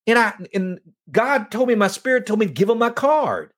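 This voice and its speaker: A man who hosts a faith talk show and leads a men's ministry tells an emotional personal testimony, earnestly acting out its dialogue. His high voice takes big pitch swings and moves at a normal speed.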